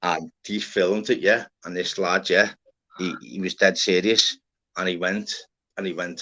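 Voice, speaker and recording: A man's voice: sits low, steady tone, normal speed, sharp tone. A man chatting casually on a live stream panel, rambling and swearing, full of "innit" and "lad". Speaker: livestream host. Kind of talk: casual chat. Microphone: live stream panel, online call. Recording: muffled lo-fi stream audio.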